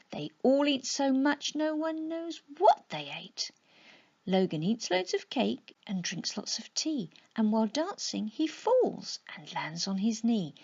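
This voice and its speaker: A woman's voice: on the high side, husky, muffled recording. A woman, a children's author, reading her rhyming bedtime story in a sing-song way, often dropping to a whisper.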